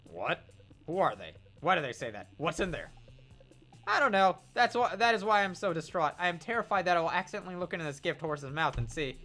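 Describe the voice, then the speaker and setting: A streamer voicing a pampered, anxious young princess who frets out loud, reading game dialogue with theatrical questions. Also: mid-range voice, very animated, brisk, faint music behind. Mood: fretful.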